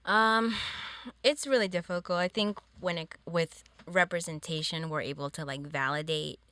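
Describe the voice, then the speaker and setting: A woman's voice: lowish voice, normal speed, no echo. A woman from Peru, a podcast guest, chatting casually and acting out the people in her stories. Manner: animated storyteller, acts out voices in her tales. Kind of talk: casual interview chat.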